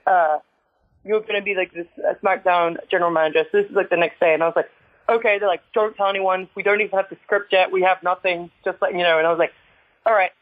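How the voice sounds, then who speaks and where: An English woman, a retired wrestler, telling stories in a casual interview, chatty, full of "like" fillers and quick laughs. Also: on the low side, steady tone, no echo. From England. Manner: chatty storyteller with constant "like" fillers and frequent laughs. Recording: tinny phone-like line, dry.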